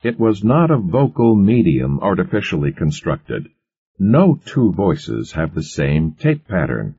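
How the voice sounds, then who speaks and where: A man's voice: low voice, very animated, unhurried, mellow, husky, pitched above the performer's own voice, heavily acted. A man voicing an intense, brooding male scientist who speaks abruptly and impatiently. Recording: muffled lo-fi recording.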